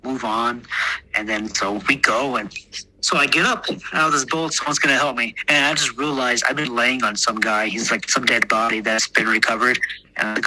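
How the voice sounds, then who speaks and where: Sharp-toned American man rambling with fillers. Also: medium pitch, fairly even intonation, moderate pace, rough recording. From Texas, United States. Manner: rambling and profane, laughs at his own jokes, many fillers. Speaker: guest. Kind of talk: casual storytelling.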